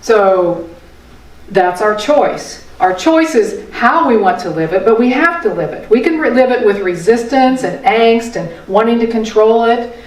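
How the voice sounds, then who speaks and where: An older woman giving a folksy, conversational spiritual talk. She repeats phrases and asks her listeners rhetorical questions. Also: fairly high pitch. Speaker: spiritual teacher. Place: meeting room of a spiritual center. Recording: echoey room, voice from a distant mic.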